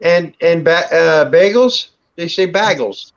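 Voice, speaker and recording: A man's voice: a little high, normal speed, dull audio. A man chatting casually on a podcast, joking and teasing. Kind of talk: casual chat.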